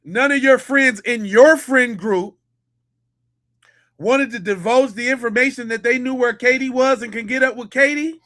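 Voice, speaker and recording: A man's voice: very high-pitched, normal speed, pushed and bright. A man hosting a podcast, a former police officer giving slangy, incredulous reaction commentary.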